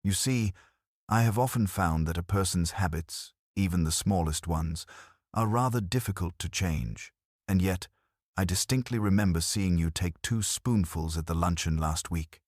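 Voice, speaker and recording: A man's voice: low-pitched, normal speed, a little mellow, no echo, clean studio sound. A man voicing an elderly woman sleuth who speaks in a light, pleasant, conversational way. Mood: pleasant, probing. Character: elderly woman sleuth, gentle, shrewd, unruffled.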